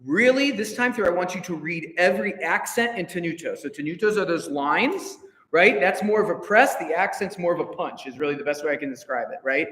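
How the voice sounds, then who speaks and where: A man's voice: sits high, brisk. A man leading a choir rehearsal, counting in and singing phrases to show the singers how they go. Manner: animated, counts in and sings phrases to demonstrate. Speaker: choir director. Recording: reverberant hall recording with music. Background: instrument accompaniment.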